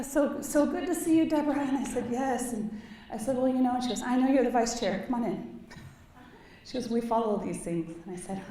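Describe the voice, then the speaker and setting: A woman's voice: medium pitch, warm tone. Impassioned woman speaking in an echoey hall. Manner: earnest, rising to impassioned. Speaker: keynote speaker. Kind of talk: personal storytelling speech. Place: large conference hall. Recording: echoey hall, distant mic, faint ambience.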